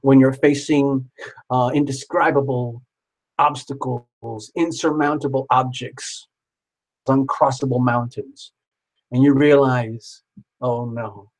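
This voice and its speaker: A man in the middle of a casual live stream, reading tarot for viewers. His voice sits at an ordinary pitch, and his talk runs chatty and excitable, full of jokes and asides to the people watching. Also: slow, rough recording.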